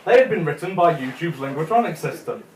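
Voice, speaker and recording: A young man with a fairly high, expressive voice talks fast through a chatty stand-up set, chuckling at his own jokes. He's performing for a live audience in a comedy club, and the room sounds echoey.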